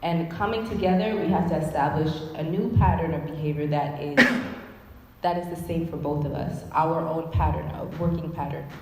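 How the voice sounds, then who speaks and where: Woman co-presenting a relationship talk: lowish, calm and explanatory, long hall reverb. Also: moderate pace. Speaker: youth speaker. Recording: roomy hall reverb, faint noise.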